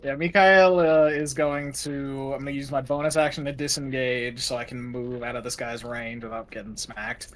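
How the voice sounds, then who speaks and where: A man's voice: mid-range voice, little pitch movement, normal speed, few pauses, fairly bright tone. A man playing a tabletop game, talking casually and a little hesitantly. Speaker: player.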